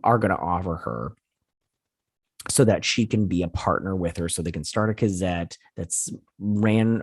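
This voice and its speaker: A man hosting a casual recap of a TV episode, retelling scenes in a chatty, animated way with playful quoted voices. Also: low voice, no room sound, studio quality. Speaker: show host.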